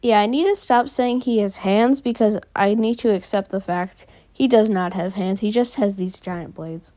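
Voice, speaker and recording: A woman casually narrating a fan story, filling pauses with frequent "uh"s. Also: mid-range voice, mellow.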